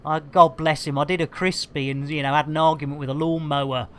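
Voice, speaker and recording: A woman's voice: low voice, steady tone, brisk, a bit bright. Jokey woman bantering with her stream chat. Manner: jokey, bubbly, full of silly rhyming catchphrases and innuendo. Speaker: game streamer.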